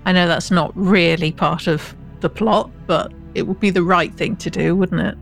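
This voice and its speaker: Woman, lowish voice, thinking out loud at the game table, faint music behind. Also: fairly even intonation, moderate pace, gravelly. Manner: thoughtful, suggests plans. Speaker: player. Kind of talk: casual tabletop game chat.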